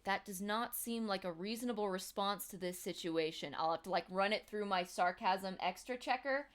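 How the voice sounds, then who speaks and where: A woman's voice: medium pitch, fairly bright tone. A woman in her twenties chatting casually on a livestream, giggly, with lots of fillers. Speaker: livestream host. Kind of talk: casual livestream chat with singing.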